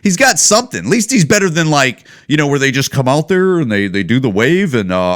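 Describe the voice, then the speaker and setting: A man's voice: on the high side, fast talker, hardly any pauses. A man hosting a podcast, ranting casually and swearing a lot. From Chicago. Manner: profane, animated ranting. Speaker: podcast host. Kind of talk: casual rant.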